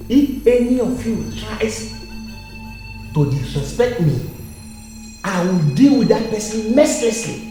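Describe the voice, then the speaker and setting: An actor playing a domineering male younger brother of a chief who barks commands. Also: sits high. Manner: commanding, shouts orders. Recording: echoey room with music underneath.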